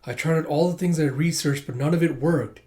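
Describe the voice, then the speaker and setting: A man's voice: a little high, fairly quick, warm tone, lightly acted. A man voicing an earnest, eager young woman trainee, lightly and close to his own voice.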